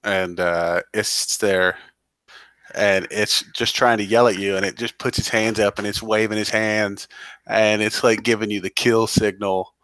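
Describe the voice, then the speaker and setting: A man's voice: fairly low pitch, fairly even intonation, a little slow, a bit bright, no room sound. A man running a tabletop game as game master, explaining rules and narrating in long run-on sentences with many fillers.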